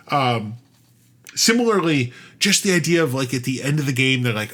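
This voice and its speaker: Rambling, animated male podcast host. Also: fairly high pitch, brisk, husky. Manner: rambling, animated, many restarts and fillers. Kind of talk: casual storytelling chat.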